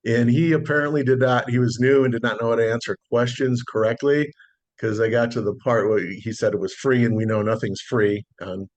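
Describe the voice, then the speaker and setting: A middle-aged man, a solar sales consultant, telling a relaxed story in a podcast interview and acting out the dialogue. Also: mid-range voice, a little fast. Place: Las Vegas.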